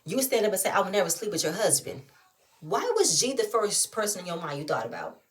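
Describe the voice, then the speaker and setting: A woman giving a casual, animated recap and review of a reality show, often incredulous and firing off rhetorical questions. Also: medium pitch, a little fast.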